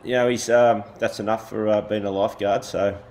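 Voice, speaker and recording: Guest: lower-voiced man, hesitant, chatty, full of pauses. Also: steady tone, darkish tone. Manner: halting, lots of fillers. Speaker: head lifeguard. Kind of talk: casual chat.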